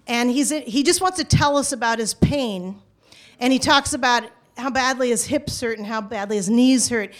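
A woman telling a personal story out loud, conversational and halting, with frequent restarts. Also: on the high side. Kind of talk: first-person spoken storytelling.

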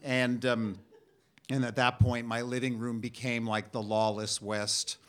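A middle-aged man telling a funny personal story on stage, halting and self-deprecating with frequent restarts. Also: mid-range voice, flat delivery.

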